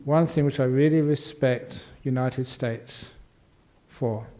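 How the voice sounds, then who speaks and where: A man's voice: medium pitch, slow, dark tone. An older man, a Buddhist monk answering questions in a humorous dharma talk, playfully acting out quotes and sound effects.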